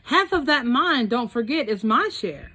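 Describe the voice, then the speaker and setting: A woman's voice: a little high, animated, measured pace, bright, forceful tone, exaggerated voice. A woman voicing a large, honest, tired male elephant in a storybook reading, pleading and put-upon.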